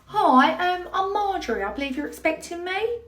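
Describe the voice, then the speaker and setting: A woman's voice: very high voice, animated, normal speed, fairly bright tone, roomy sound, far from the mic, voice pushed up. Woman playing a chirpy British nursery nurse. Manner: polite, apologetic and chirpy. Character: adult British female nursery nurse, polite.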